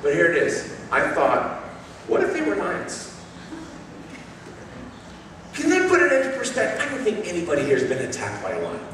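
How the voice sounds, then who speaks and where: A man preaches a sermon, slipping into animated, self-mocking stories. His voice sits a bit high and swings widely in pitch. He is picked up from across a large, reverberant hall with faint background noise. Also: fast talker. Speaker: pastor. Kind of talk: sermon with humorous storytelling. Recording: echoey hall, mic far off.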